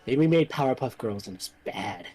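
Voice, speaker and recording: A man's voice: medium pitch, fairly quick, breathy edge, faint music behind, poor audio. A man co-hosting a casual podcast while playing a game, laughing often as he tells stories. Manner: laughs often, lively storytelling. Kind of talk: casual chat over gameplay.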